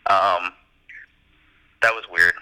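A man co-hosting a casual comedy podcast, lively and laughing, wandering off on tangents. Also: deep voice, takes it slowly, smooth, poor audio. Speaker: podcast co-host.

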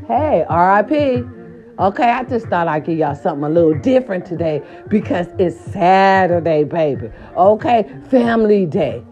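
A woman vlogger telling a story and then giving a pep talk, animated and profane, slipping into quoted voices. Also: fairly low pitch, normal speed. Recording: dull lo-fi recording with faint music.

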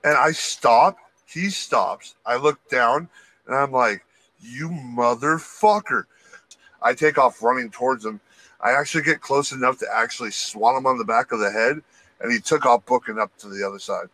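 A man with a bright, forward voice and middling pitch tells a rowdy work story. His talk is loose and full of swearing. He keeps jumping into the voices of the people in the story. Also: normal speed, dry recording, low-quality recording. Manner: profane, animated, acts out quotes. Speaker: podcast co-host, retail loss prevention worker. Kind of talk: casual storytelling.

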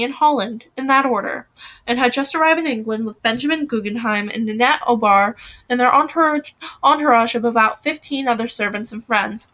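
A woman reading a novel aloud, voicing the dialogue with feeling and now and then restarting a phrase. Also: on the high side. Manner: reads with lively acted dialogue and occasional restarts. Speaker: reader.

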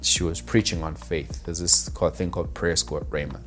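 A man from Zambia earnestly telling a personal story in a halting, heartfelt way. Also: a bass voice, steady tone, a bit bright, faint music behind. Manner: earnest, halting storyteller who acts out quoted voices. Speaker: guest sharing a personal testimony.

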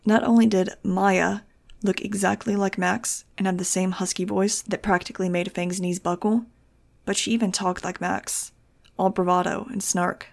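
A woman reading a novel aloud in an expressive, wry first-person narrating voice. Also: medium pitch, normal speed, creaky. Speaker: audiobook reader.

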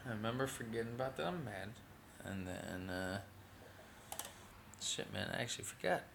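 A man's voice: fairly low pitch, expressive, moderate pace, gravelly, noisy background. A man hosting his own show in a rambling, casual monologue, laid-back and drawling, swearing a lot and calling everyone "man.". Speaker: podcast host.

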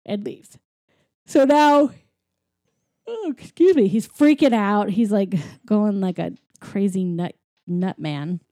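A woman's voice: medium pitch, slow, warm tone, dry recording, clean studio sound. A woman chatting casually while retelling a film plot, with "like" in nearly every sentence. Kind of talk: casual chat recapping a film.

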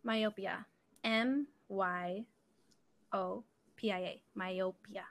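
A woman in a casual spelling bee with friends, soft-spoken and spelling letters quietly. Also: mid-range voice, steady tone, extremely slow, dry recording. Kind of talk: casual chat among friends.

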